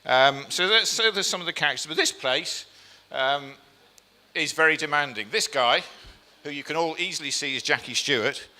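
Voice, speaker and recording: This man's voice is fairly high and expressive with a sharp tone, delivered at normal speed. In an event hall, he gives a chatty, self-deprecating slide talk to a live audience, often saying um and posing questions to them. A long hall reverb is audible.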